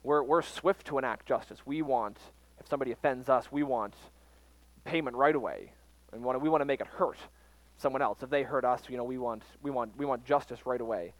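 A man teaching from the Bible in an informal sermon, pausing often with fillers and restarting his sentences. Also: medium pitch, no room sound, rough recording. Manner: halting, frequent fillers and restarts. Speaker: preacher.

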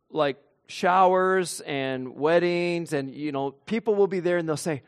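Slow, high-voiced man teaching earnestly. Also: clean tone. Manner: earnest, deliberate, with illustrative stories. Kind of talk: Christian marriage teaching.

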